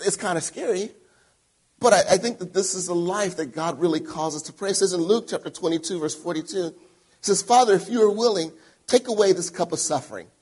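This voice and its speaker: A male pastor preaching a sermon, telling stories with sudden loud emphatic bursts and quiet asides. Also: sits high, slightly rough.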